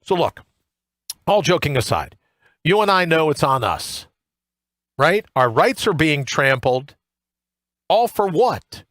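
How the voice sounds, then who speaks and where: Male talk host, high and very lively delivery, sarcastic ranting monologue, dry close sound. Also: slow, long pauses, dry recording. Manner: sarcastic, ranting, mocking impressions. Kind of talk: opinionated monologue. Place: home studio.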